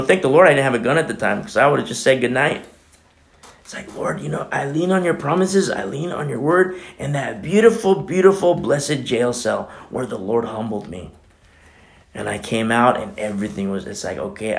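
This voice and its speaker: A man's voice: medium pitch, gravelly. A man preaching a sermon as pastor, impassioned and conversational, talking straight to the congregation with many fillers.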